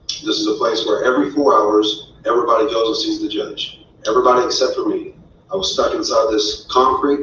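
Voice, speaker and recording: A man with a fairly low voice recounts his own story in an earnest, indignant way. He sits back from the mic in a roomy space, so the sound is echoey and a little dull. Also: fairly bright tone, a little hiss or hum. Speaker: father telling his story. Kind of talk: personal storytelling. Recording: roomy, distant, dull audio.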